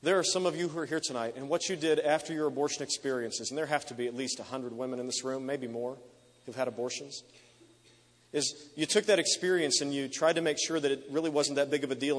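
A male preacher delivers an emotive sermon, piling up repeated phrases as he tells the story. His voice sits at an ordinary middle pitch, and long reverb trails off the walls of a large hall. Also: steady tone, fast.

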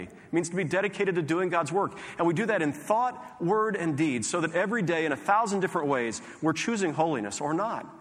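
A man's voice: a little high, a bit bright. A male pastor preaching a sermon in an earnest, conversational way, often restarting his phrases. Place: large church sanctuary. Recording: long hall reverb.

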